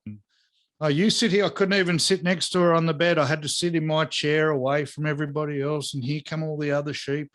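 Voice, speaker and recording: A man chatting on a podcast, with a voice a touch higher than most men. He tells stories with lots of energy, swears freely and acts out the lines of the people in them. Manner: animated, profane storyteller acting out dialogue. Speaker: podcast co-host. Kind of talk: casual chat.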